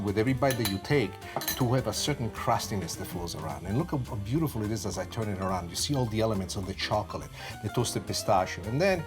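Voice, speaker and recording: A man in his sixties with an Italian accent, hosting a cooking demonstration in a lively, chatty, playful way with rhetorical questions. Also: lowish voice. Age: 60s. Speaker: cooking show host. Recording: background music.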